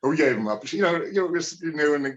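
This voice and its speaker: A man's voice: a little high, lively intonation, rapid-fire. Former wrestler, male, casual guest interview, profane and rambling, muffled lo-fi audio. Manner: profane, rambling, lots of fillers. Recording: dull lo-fi sound.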